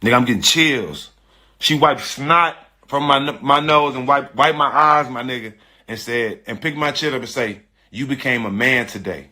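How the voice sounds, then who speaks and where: A middle-aged man telling a personal story in casual, slangy speech, animated and emphatic, often repeating his phrases. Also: mid-range voice, normal speed. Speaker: storyteller on a live stream.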